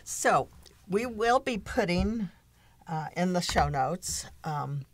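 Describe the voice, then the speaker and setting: Slow-speaking woman podcast host. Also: fairly low pitch, animated, slight background noise. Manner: warm and encouraging, affirming the guests. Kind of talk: interview conversation.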